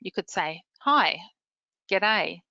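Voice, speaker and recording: A middle-aged woman with a New Zealand accent presenting a scripted training webinar, explaining terms clearly with many examples. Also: mid-range voice, unhurried, pushed and bright, dry recording, highs cut off. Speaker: literacy manager presenting a webinar.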